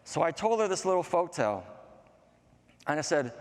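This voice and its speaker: A man, a storytelling teacher, giving a conference talk full of animated story narration. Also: a little high, normal speed, long pauses. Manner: animated storyteller, lively voices. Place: conference session room. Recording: long hall reverb.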